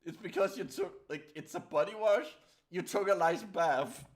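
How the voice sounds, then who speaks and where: A man's voice: high voice, moderate pace. A young man co-hosting a casual comedy podcast, wry and swearing, often restarting his sentences. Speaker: podcast co-host.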